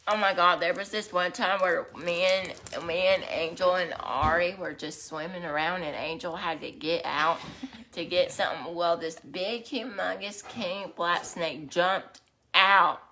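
A woman's voice: fairly low pitch, steady tone, a little slow, bright, forceful tone, a little hiss or hum. A woman, chatting eagerly on a live stream and jumping in over others. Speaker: host. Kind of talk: casual chat on a live stream.

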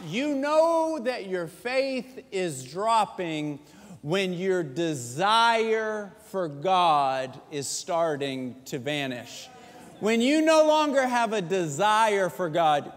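A man preaching a sermon as pastor, telling stories lively and joking with the congregation. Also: on the high side. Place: large church sanctuary. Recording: echoey church hall.

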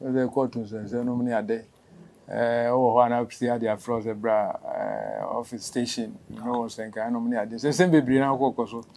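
A Ghanaian man speaking as an interview guest, telling a long story that grows animated and rushed as it goes. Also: mid-range voice. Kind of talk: emotional interview.

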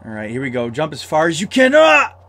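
A man playing a horror puzzle game as a let's-play, easily startled, yelling when scared and talking himself through the tense parts. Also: mid-range voice, fast talker, a little hiss or hum. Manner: excitable, shouts in fright, talks himself through scares. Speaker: gamer.

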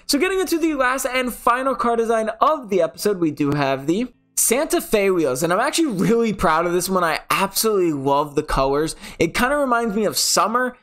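A young gaming channel host from the New York City area chats casually over game footage in a high-pitched, very animated, slightly bright voice. He talks a little fast with hardly any pauses, rambling and often correcting himself mid-sentence, while soft music plays in the background.

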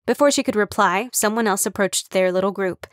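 A woman narrating an audiobook with even, wry storytelling on a close studio mic. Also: medium pitch, fairly quick, no room sound. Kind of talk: scripted narration.

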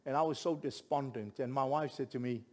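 Animated New pastor preaching. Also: male voice, mid-range voice, brisk. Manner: animated storyteller, rising to shouts at climaxes. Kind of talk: storytelling sermon.

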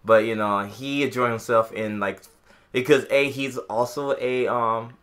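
A man from Illinois co-hosting a podcast, telling a long, animated story in casual chat with many restarts. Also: mid-range voice, measured pace. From Illinois, USA. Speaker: podcast co-host.

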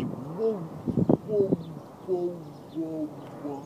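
Agitated man ranting outdoors, fairly high voice. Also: animated, a little slow, very noisy. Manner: bitter, agitated ranting with heavy swearing. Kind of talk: confessional vlog monologue.

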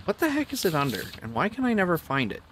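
A man's voice: sits high, huge pitch swings, quick pace, background noise. A man chatting casually and cracking puns while streaming a game with friends. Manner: joking, pun-making. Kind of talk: casual gaming chat.

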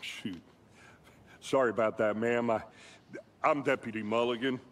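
A man's voice: mid-range voice, fairly even intonation, unhurried, natural voice. An actor playing a nervous small-town male deputy in a game, awkward and stammering.

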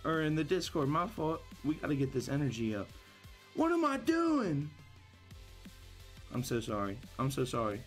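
A man's voice: medium pitch, fairly even intonation, fast, few pauses, soft background music. A young man hosting a live gaming stream, chatting casually with viewers, upbeat and hyped, repeating himself and apologizing often. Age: young adult. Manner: upbeat and hyped, greets chat by name, repeats phrases, apologetic. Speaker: livestreamer hosting viewer tournaments.

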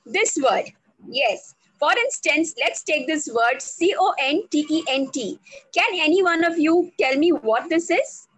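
A woman teaching on a video call, slow and deliberate, spelling out words letter by letter. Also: high voice, animated, a bit bright, no room sound, poor audio. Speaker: English language trainer. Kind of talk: online speaking workshop.

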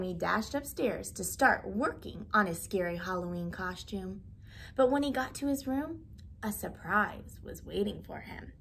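Teacher reading a kids' story, slow and lively, with a gravelly edge, in a quiet room with faint hum. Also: female voice, on the high side. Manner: expressive, animated reading. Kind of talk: storybook read-aloud.

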